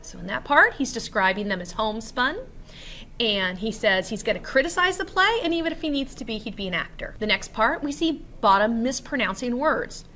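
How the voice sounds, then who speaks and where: Bright-voiced woman teaching literature. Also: on the high side, lively intonation, brisk, a little hiss or hum. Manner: explanatory, reading quotes aloud. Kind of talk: recorded literature lesson.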